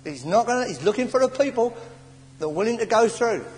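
English preacher guy, high voice, stammery storytelling sermon, long church echo. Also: quick pace. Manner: animated storytelling with stammers and sighs. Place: church hall. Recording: old church sermon tape in a reverberant hall with faint hiss.

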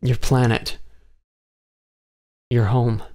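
A man reading an audiobook, voicing a calm, practical young woman who speaks firmly. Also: mid-range voice, drawn-out words. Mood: firm, worried.

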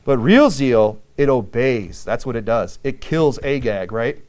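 Male pastor preaching an animated sermon with acted-out quotes. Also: mid-range voice, measured pace.

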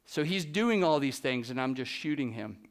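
A man giving a talk to an audience, telling lively anecdotes and acting out the dialogue with a laugh now and then. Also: mid-range voice, normal speed. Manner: animated anecdotes, acts out dialogue, laughs often. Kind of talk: storytelling presentation to a live audience.

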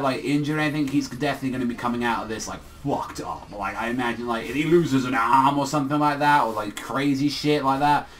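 Man vlogger, mid-pitched, loose rambling delivery, swears freely, comic review. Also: a bit bright. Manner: rambling, profane, heavy on fillers. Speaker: manga reviewer. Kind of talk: casual review vlog.

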